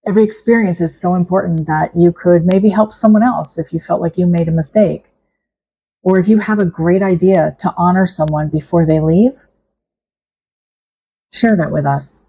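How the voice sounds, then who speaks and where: A middle-aged woman vlogging to camera about her own experience, reflective and halting, with small restarts. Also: on the low side, vocal fry, warm tone, husky, poor audio. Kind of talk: personal vlog talk to camera.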